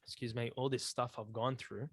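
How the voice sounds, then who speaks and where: A man's voice: medium pitch, fairly even intonation, moderate pace, husky, no echo. A man co-hosting a casual faith chat, telling personal stories in an earnest way with lots of slang. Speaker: podcast co-host.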